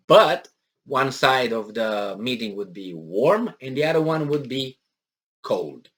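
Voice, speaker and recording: A man reads out news items and breaks off to mock them. His talk rambles, full of fillers and restarts, and has a sarcastic bite. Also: mid-range voice. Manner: sarcastic, mocking asides and put-on impressions. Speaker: political commentary vlogger. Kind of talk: casual monologue reading and commenting on news.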